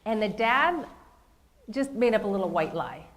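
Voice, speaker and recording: A woman's voice: mid-range voice, animated, moderate pace. A woman giving a live motivational keynote, emphatic, repeating key phrases and asking the audience questions.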